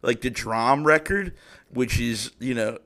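A young man talks through his solo podcast in a loose, unscripted way. He swears constantly and gets worked up as he tells a story. His voice sits at an ordinary middle pitch for a man. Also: measured pace. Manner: heavy profanity, animated and exasperated storytelling. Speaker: podcast host. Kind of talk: casual solo podcast rant.

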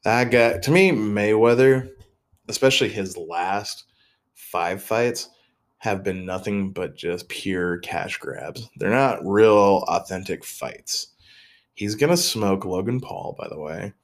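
A man's voice: fairly low pitch, takes it slowly. A young man hosting a casual solo podcast, rambling and joking at his own expense, often trailing off and restarting. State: mentally tired. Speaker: podcast host.

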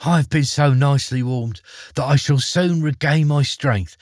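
A man voicing a weak, grateful male swallow in a read-aloud storybook, speaking in a gentle, thankful way. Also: mid-range voice, moderate pace, dry recording, studio quality, pitched above the performer's own voice, natural voice.

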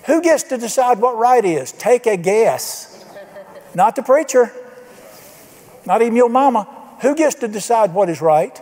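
A man's voice: very high voice, animated, unhurried, long pauses, darkish tone. A man preaching a sermon, telling folksy stories and acting out the people he quotes. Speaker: pastor. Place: church sanctuary. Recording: long reverb of a church hall.

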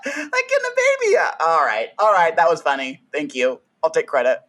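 A man's voice: on the high side, wildly swooping pitch, moderate pace, a bit bright. A man co-hosting a casual podcast, joking and giggly. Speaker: podcast co-host.

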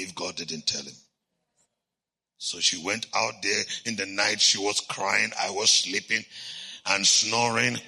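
A man preaching a storytelling sermon as a bishop, animated and laughing, swinging from hushed to loud. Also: fairly low pitch, a little slow, creaky, breathy edge.

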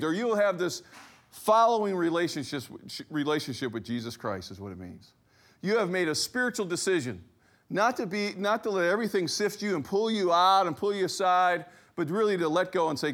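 A middle-aged man preaching a sermon, telling a personal story with lively acted-out quotes. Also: fairly high pitch. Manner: animated storyteller, acts out quoted voices. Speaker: pastor.

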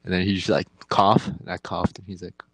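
A man's voice: low-pitched, little pitch movement, brisk, husky, dry recording. A young man telling a crude story in casual chat, rambling and slangy, laughing at his own jokes.

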